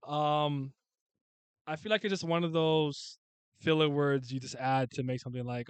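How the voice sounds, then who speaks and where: A young man casually rambling through a ranked list of characters, swearing freely and breaking into sudden loud shouts. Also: a little high, unhurried, long pauses, clear, resonant tone, dry recording. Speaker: streamer ranking favorite comic and anime characters. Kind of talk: casual unscripted commentary.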